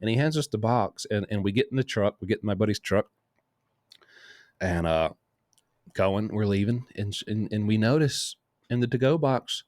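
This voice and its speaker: A man's voice: lowish voice, normal speed, long pauses, no echo, studio quality. A man hosting a casual show, telling a long, rambling story with many asides. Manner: rambling, lively anecdote full of asides. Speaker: host.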